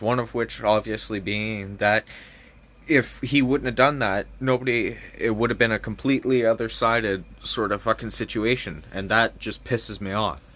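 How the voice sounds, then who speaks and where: A young man from Canada with a bright, ringing voice vents in a loose, unscripted rant. He swears freely and sounds fired up and exasperated. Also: lowish voice. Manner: heavy swearing, fired-up and frustrated. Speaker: vlogger. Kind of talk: casual opinion rant.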